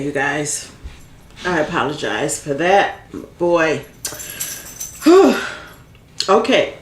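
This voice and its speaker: A woman vlogger giving casual, heartfelt planning advice, rambling and repeating herself as she talks. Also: sits low. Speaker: vlogger giving end-of-life planning tips. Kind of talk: casual advice talk to camera. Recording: echoey room.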